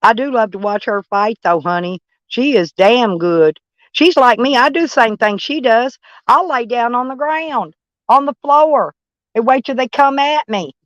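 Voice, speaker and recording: A woman's voice: fairly high pitch, unhurried, dry recording. A woman chatting with viewers on a livestream, blunt and swearing freely, calling people honey. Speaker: livestream host. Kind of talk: casual livestream chat with viewers.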